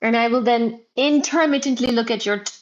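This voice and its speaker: A woman hosting a physics livestream in casual chat, reading viewer comments loudly and playfully, near shouting at times, wearing headphones. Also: a little high, a little fast, highs cut off.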